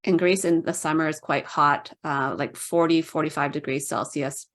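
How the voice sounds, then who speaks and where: A woman's voice: low voice, fairly even intonation, moderate pace. A middle-aged woman telling stories casually as a podcast guest, chatty, with many "like"s. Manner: chatty, fills speech with "like", puts on voices for quoted people. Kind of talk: casual storytelling.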